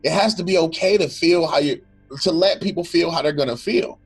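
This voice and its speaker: Co-host, male, earnest and reflective, a bit higher-pitched, faint music underneath. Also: brisk, slightly rough. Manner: earnest and reflective, quotes imagined speech, restarts often. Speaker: podcast co-host. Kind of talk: casual faith-based conversation.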